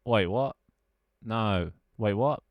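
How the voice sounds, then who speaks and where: A man's voice: lowish voice, takes it slowly, no echo, muffled recording. A young man streaming live, chatting loosely with his viewers and friends, rambling and laughing as he goes. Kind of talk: casual live-stream chat.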